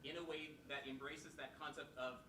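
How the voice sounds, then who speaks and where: A man's voice: fairly high pitch, fairly even intonation. Man asking a question from far off. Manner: measured, builds long questions. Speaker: audience member asking a question. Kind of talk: conference Q&A question. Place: conference hall, from the audience. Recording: echoey hall, far from the mic, with background noise.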